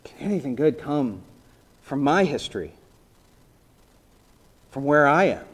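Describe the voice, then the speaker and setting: Conversational male preacher, fairly high voice. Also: sing-song, a little slow, slightly rough. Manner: conversational storytelling, voicing biblical characters, drops to soft emphasis. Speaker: pastor. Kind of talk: sermon.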